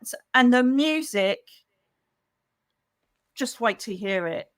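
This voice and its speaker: A woman's voice: fairly high pitch, clean tone, dry recording, studio quality. Chatty middle-aged British woman. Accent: British English. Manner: chatty and animated, with quick asides and acted-out quotes. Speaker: psychic medium and channel host. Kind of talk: casual livestream chat to members. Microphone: computer mic for a livestream.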